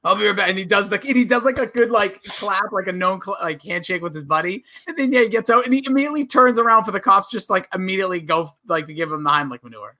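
A man co-hosting a podcast in casual chat, retelling comedy sketches and acting out quoted lines in animated voices. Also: sits high, fast talker, hardly any pauses. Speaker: podcast co-host.

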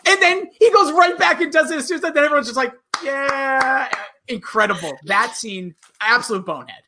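A young adult man co-hosting a casual podcast chat, animated and quick to act out scenes he describes. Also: extremely high pitch, background noise. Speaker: podcast co-host.

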